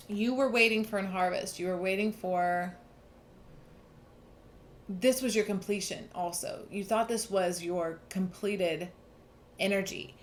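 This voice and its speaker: A woman's voice: mid-range voice, takes it slowly, long pauses, a little hiss or hum. A young woman giving a casual, earnest tarot reading, talking emphatically and restarting often. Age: young adult. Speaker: tarot reader.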